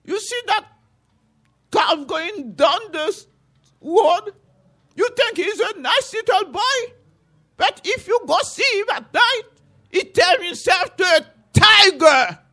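Woman doing folktale man Buki, lazy, grumpy, accusing, very high, swooping voice. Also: lively intonation, takes it slowly, pushed and bright, full character voice. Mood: aggrieved.

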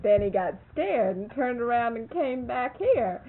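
Woman putting on a sly gleeful old neighbor lady, high drawling voice, tinny phone-like sound, faint hiss. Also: very animated, measured pace.

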